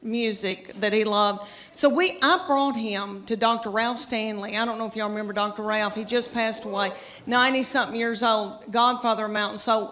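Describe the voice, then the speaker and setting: A woman's voice: a little high, a bit bright, big-room sound. Chatty Southern woman doing stand-up. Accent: Southern American. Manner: chatty, drawling, addresses the audience directly. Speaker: stand-up comedian. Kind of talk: stand-up comedy set. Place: theater stage before a live audience.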